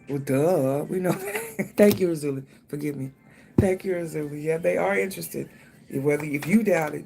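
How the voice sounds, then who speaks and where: A tarot reader talks loosely through a card spread, thinking out loud and swearing freely. The voice has a gravelly, creaky edge and sits at a middling pitch. A faint hum of noise runs under the recording. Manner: speaks directly to the viewer. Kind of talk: casual tarot reading.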